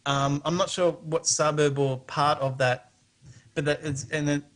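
Curious Australian man, slightly high voice. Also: steady tone, a little slow, fairly bright tone. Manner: hesitant, restarts often, curious. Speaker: guest calling in. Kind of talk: casual chat.

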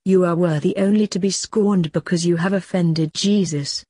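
A gentle, patient guardian angel, read by a woman in an audiobook, speaking softly as he admonishes and consoles. The voice is low and mellow with a breathy softness, recorded close and dry. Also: steady tone, moderate pace, no echo. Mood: admonishing.

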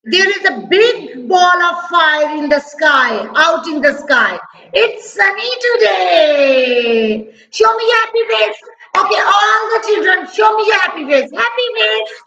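A woman's voice: very high voice, animated, normal speed, pushed and bright, reverberant, muffled recording, slight background noise. A woman teaching an online preschool class, singing and coaxing the children with repeated questions. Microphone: video call.

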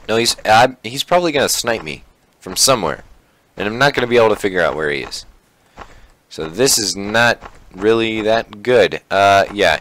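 A man giving excitable commentary while he plays a shooter game, exclaiming at kills and muttering to himself between rounds. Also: lowish voice. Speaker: gaming channel host. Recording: faint gunfire and game sounds behind. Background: faint game gunfire.

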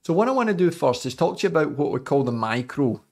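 A man's voice: on the high side, sing-song, fast talker. A Scottish man in his forties, a cycling coach giving a jokey, chatty live podcast talk to his viewers.

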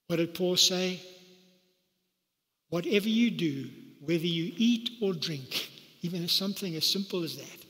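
A man delivers a sermon in a high-pitched voice. He preaches with animated energy and leaps into a higher register to act out the quoted lines. The sound rings with the long reverb of a large church hall. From South Africa. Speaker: pastor.

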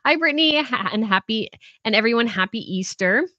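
A woman's voice: a little high, lively intonation, fairly quick, pushed and bright, dry recording. Brief: female livestream host, chatty and rambling, dry and slightly dull sound. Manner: chatty, rambling, reads viewer comments aloud. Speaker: host reading live chat. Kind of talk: casual livestream chat.

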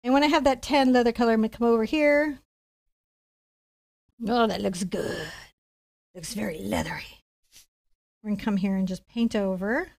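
A middle-aged woman teaching a live painting lesson, telling a story in a chatty, animated way and laughing often. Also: a little high, moderate pace, creaky, pauses often. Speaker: painting instructor.

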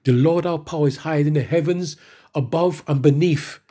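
Husky-voiced male preacher. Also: on the high side, dark tone. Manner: reads verses slowly, then preaches with emphatic rises. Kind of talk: sermon with scripture reading.

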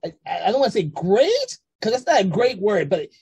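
A host with a husky, middle-pitched voice asks long, rambling questions in a casual interview over a video call. The sound is dry and close. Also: big pitch swings, normal speed, a little mellow, dry recording.

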